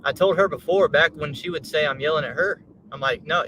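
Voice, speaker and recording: A man, hosting a casual livestream from a car, laid-back and quick to laugh. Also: fairly high pitch, fairly bright tone, slight background noise. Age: 20s. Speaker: livestream host. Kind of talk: casual chat.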